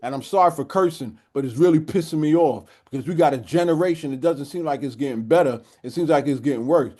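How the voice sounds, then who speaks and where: A middle-aged man with a somewhat high-pitched voice, co-hosting a casual panel talk. He tells his story in an animated, blunt and profane way, like a youth club leader speaking his mind. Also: quick pace.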